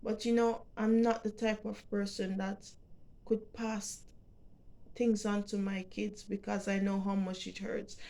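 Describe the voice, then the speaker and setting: Jamaican lady vlogging, talks slow and halting, keeps repeating words, heartfelt. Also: medium pitch, little pitch movement, creaky, warm tone. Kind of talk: personal storytelling to camera.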